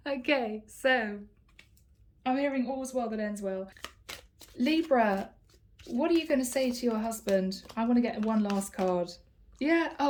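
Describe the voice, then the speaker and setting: A woman's voice: on the high side, lively intonation, slow pace, pauses often, a little hiss or hum. Playful, teasing woman tarot reader. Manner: playful, teasing, a bit sarcastic. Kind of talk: casual tarot card reading to camera.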